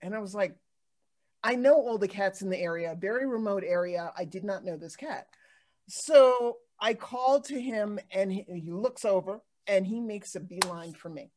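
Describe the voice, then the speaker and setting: Woman host, casual chat, animated storyteller, lots of fillers and restarts. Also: medium pitch, normal speed. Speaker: podcast host.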